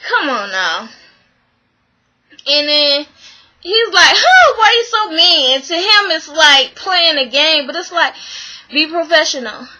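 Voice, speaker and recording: Casting note: woman, high bright voice, slow unhurried delivery, slangy exasperated show recap. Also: rough recording. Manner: animated, exasperated, acts out the people she quotes; slangy, swears freely. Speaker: vlogger recapping a reality show. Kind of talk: casual recap and commentary.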